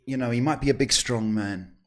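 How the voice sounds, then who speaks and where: A man hosting a live psychic reading podcast, talking in a reassuring, chatty way with drawn-out emphasis and many fillers. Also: medium pitch. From South Africa. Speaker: psychic host.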